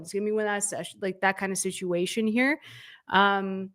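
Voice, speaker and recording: A young woman hosting a casual live reaction stream, opinionated and animated, reading out viewers' chat comments. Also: medium pitch, moderate pace. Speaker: livestream host reacting to award nominations.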